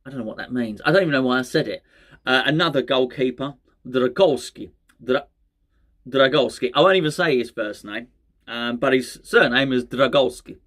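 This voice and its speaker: A man's voice: mid-range voice, brisk, fairly bright tone. A man hosting a fan channel, chatting casually on his own about transfer rumours, with rambling, self-mocking asides and plenty of restarts. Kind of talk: casual solo football chat.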